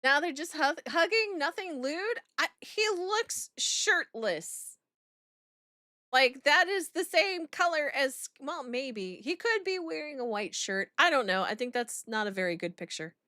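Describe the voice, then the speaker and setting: A woman's voice: high-pitched, sing-song, unhurried, sharp tone, no room sound, studio quality. A woman streamer chatting through a game reaction in a blunt, profane, giggly way.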